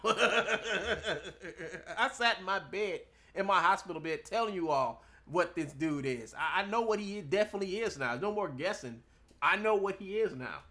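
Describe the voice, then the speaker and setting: A young man ranting casually from home as a streamer, mocking someone, laughing often and swearing a lot. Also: high voice. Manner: mimics others in a loud put-on voice. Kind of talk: casual rant.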